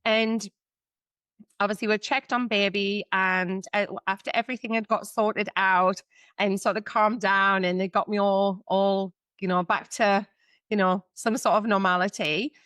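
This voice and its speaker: A woman in her thirties with a smooth, resonant voice tells a personal story as a podcast guest. She talks candidly and chattily, full of fillers. The sound is close and dry. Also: medium pitch, fairly even intonation, unhurried, a bit bright, dry recording. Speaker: guest, psychic medium and mentor.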